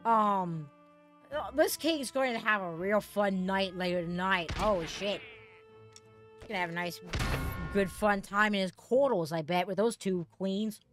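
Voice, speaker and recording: A woman giving excitable, foul-mouthed commentary on her gameplay, prone to outbursts. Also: medium pitch, measured pace, soft background music. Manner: excitable, swears freely, bursts into shouts and laughter. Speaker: gaming channel host.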